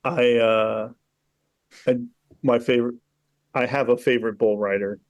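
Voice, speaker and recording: Male podcast co-host, mid-pitch, animated profane storyteller for a casual chat. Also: measured pace, dry recording. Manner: animated storyteller, swears freely, laughs while telling.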